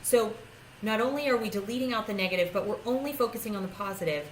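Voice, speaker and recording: Woman, personal growth coach vlogging: casual, self-deprecating, quick to laugh, faint background hum. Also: mid-range voice, low-quality recording. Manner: chatty and self-deprecating, laughing often, with frequent restarts. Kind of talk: casual talking-to-camera vlog.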